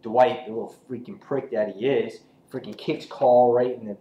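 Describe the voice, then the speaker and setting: A man rambles excitedly through a casual comic book review, his voice at an ordinary middle pitch. He is recorded in an echoey room with a faint hiss underneath, retelling scenes loosely and swearing as he goes. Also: moderate pace, dull audio. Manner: rambling, excitable, profane, lots of "he's like".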